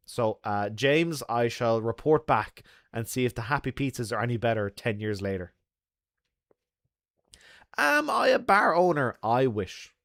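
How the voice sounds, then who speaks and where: A man's voice: medium pitch, no room sound, studio quality. An Irish man hosting a live stream, reading viewer comments and chatting in a loose, jokey way with lots of laughs and fillers. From Ireland. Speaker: livestream host.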